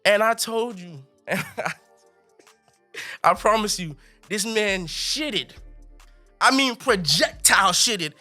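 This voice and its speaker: A young man telling a funny story as a podcast guest, animated and laughing, with colorful slang. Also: sits high, normal speed, soft background music. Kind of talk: comic storytelling.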